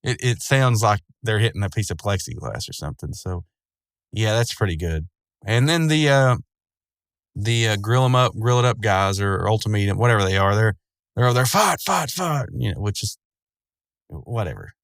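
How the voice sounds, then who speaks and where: A man's voice: fairly low pitch, normal speed, clean tone, no echo. A man casually retelling a cartoon episode, rambling with lots of fillers and frequent chuckles. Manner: rambling, loose, chuckling often, many fillers. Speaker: show recapper.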